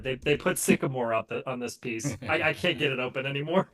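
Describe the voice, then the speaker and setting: A man's voice: mid-range voice, a little fast, fairly bright tone. A man playing his character in a casual tabletop game, joking and laughing often. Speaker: player.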